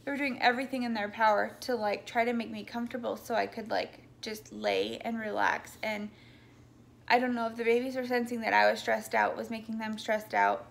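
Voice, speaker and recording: Young woman with a gravelly voice, rambling. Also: on the high side, level tone, brisk. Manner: rambling, full of ums and likes, backtracks often. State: tearful, voice breaking. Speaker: vlogger telling her birth story. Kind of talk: casual personal storytelling.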